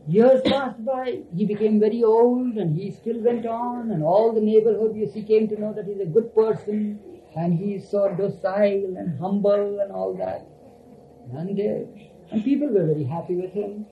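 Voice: medium pitch, steady tone, moderate pace. An earnest speaker telling a spiritual parable, often repeating phrases for emphasis. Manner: repetitive, earnest storytelling. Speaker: storyteller. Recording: dull lo-fi recording with faint hiss.

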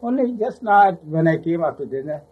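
A man's voice: on the high side, sing-song, brisk. An older man casually recounting memories of his spiritual teacher, rambling, laughing often and acting out the voices he quotes. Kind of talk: casual spoken reminiscence. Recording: muffled lo-fi recording.

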